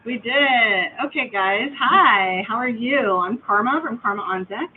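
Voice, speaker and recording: A man co-hosting a casual live chat, telling stories in an animated way and acting out what people said. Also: very high voice, measured pace. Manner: animated storytelling, acts out quotes. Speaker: co-host. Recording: phone-like live stream audio, faint noise.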